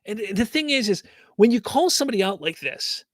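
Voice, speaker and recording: A man hosts a live stream from a home setup and rants about fan news with exasperated, rhetorical questions. His voice sits high for a man. It is picked up close on a mic with a dry, dead sound. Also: sing-song, fairly quick, no room sound. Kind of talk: live stream talk, reading chat comments.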